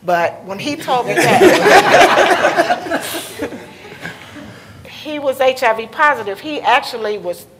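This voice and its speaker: A woman with a slightly high voice gives personal testimony at a conference panel. She talks candidly and emotionally, sometimes nervous and close to tears, into a handheld mic in a hall. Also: big pitch swings, slow pace, long pauses, heavy background noise. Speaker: panel speaker, mother. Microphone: handheld microphone.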